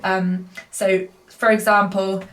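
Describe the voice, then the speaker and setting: A woman singer calmly explaining singing registers in a casual lesson. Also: mid-range voice, slow. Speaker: singer, guest co-presenter.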